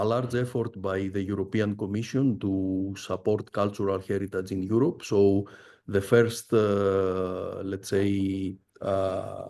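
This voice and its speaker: Halting, low-voiced male academic speaker. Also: a little mellow. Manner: halting, frequent "uh" fillers. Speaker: visiting professor giving a research talk. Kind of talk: academic presentation.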